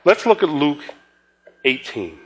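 A man's voice: fairly high pitch, big pitch swings, slow. A man preaching a conversational sermon, telling stories with chuckling asides and repeated words.

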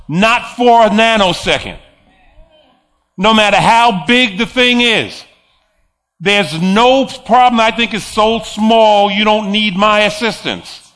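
A man's voice: sits high, takes it slowly, long pauses, fairly bright tone. A man preaching a sermon, emphatic, repeating phrases and chuckling between points.

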